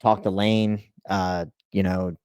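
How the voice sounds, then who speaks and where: A man who works as a race team spotter, casually telling a story with animated delivery and lots of "like" and "you know". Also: low voice, slow, clean tone, no echo.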